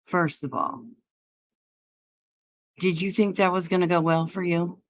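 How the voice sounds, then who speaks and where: Slow-talking taunting woman livestreamer. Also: on the low side, flat delivery. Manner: taunting, profane, mocking. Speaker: livestream host. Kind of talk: heated livestream argument.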